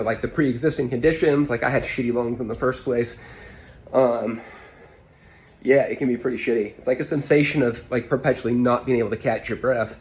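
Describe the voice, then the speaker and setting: A man's voice: medium pitch, a little mellow, highs cut off. A man from the United States in a rambling, casual monologue, swearing often and out of breath from illness. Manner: profane, rambling, with frequent fillers. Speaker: vlogger.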